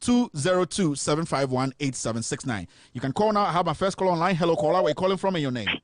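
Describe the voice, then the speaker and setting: Man, call-in host, fairly high, dry close mic, chatty and joking, lots of fillers. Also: quick pace, no echo. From Ghana. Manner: animated, joking, reads out viewer comments; frequent fillers and restarts. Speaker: host of a live political stream. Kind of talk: live call-in talk show.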